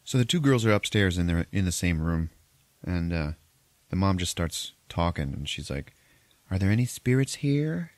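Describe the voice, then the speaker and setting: A man's voice: deep voice, normal speed, no echo. A man hosting a podcast, recapping a movie in a loose, profane, rambling way with frequent laughs. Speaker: podcast host.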